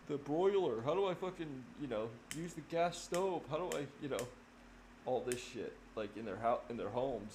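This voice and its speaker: A man rambles to his stream audience in a casual, profane way, swearing freely and getting animated as he makes his point. His voice sits in a middle pitch, and the room rings with echo under a clear layer of background noise. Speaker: livestreaming drummer. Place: home room.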